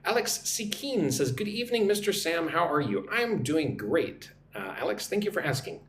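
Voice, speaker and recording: A man from the United States teaching an English lesson on a livestream, drilling pronunciation slowly and asking "right?" again and again. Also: on the high side, big pitch swings, fairly bright tone. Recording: echoey room, faint background noise.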